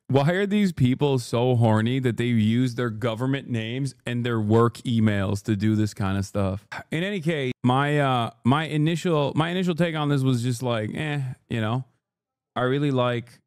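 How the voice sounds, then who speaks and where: A man's voice: medium pitch, normal speed, darkish tone, clear, resonant tone, no room sound. Brief: male streamer, loose profane commentary, fillers everywhere, dead-dry sound. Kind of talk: casual reaction commentary.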